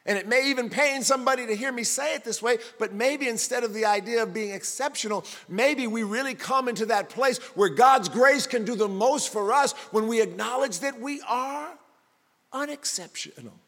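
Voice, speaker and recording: A man preaching a sermon in an emphatic way that builds toward shouting. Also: very high voice, normal speed, big-room sound.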